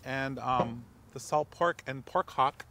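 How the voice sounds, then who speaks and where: A man as a guest cook, calmly explaining a traditional soup recipe step by step with frequent pauses. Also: mid-range voice, noisy background. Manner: unhurried, with many ums and pauses.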